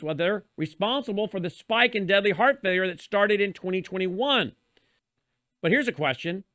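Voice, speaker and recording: Host, male, higher register, sardonic commentary read close and dry with no room sound. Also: a bit bright, dry recording. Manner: sarcastic, pointed delivery. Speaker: show host. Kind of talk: opinionated news commentary.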